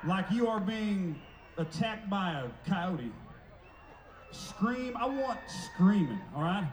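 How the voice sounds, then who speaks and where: A man fronting a band on an outdoor festival stage, talking to the crowd between songs like a showman, loud and playful. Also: sits high, very animated, takes it slowly, a little hiss or hum. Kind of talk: stage banter at a live concert. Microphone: stage microphone through a PA. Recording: echoey live festival PA sound.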